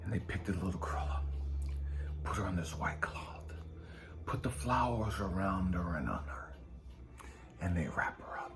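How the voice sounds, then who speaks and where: A man giving an emotional motivational talk, dropping to hushed whispers and rising to cracking cries, swearing hard. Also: low-pitched, expressive, normal speed, long pauses. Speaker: motivational speaker and life coach.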